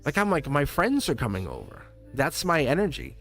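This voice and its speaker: A middle-aged man with a Boston accent leads a live tarot reading in a chatty, straight-shooting way, often breaking into giggles. His voice swings up and down with lively energy. Faint music plays behind him. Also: on the high side, moderate pace. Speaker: tarot reader.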